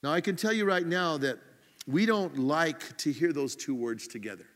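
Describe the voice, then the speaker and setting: A man from the United States preaching a sermon in a casual, self-mocking way, acting out his own irritation in quick asides. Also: on the high side, expressive, fairly bright tone, big-room sound. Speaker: pastor.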